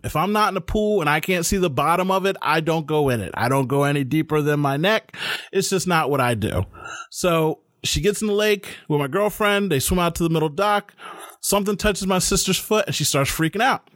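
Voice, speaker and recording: Middle-aged male podcast host with a high, dry voice who tells animated stories quickly. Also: no echo. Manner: animated, fast-talking storyteller. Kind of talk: casual podcast chat.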